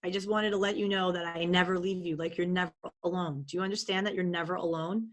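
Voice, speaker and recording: A woman doing a soothing divine female presence, gentle, tender, reassuring, a touch lower and softer than her usual talk, calm even delivery. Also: fast talker, lightly acted.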